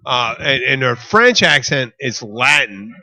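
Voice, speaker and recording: A man co-hosting a casual podcast, riffing and swearing in an animated way. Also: medium pitch. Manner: animated, swearing, quick to riff. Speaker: podcast co-host. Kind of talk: casual chat.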